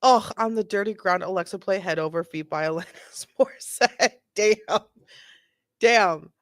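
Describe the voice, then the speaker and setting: A woman's voice: mid-range voice, measured pace, dry recording, clean studio sound. A woman giving sarcastic, joking running commentary on a video. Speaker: commentator reacting to body cam video. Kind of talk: casual reaction commentary.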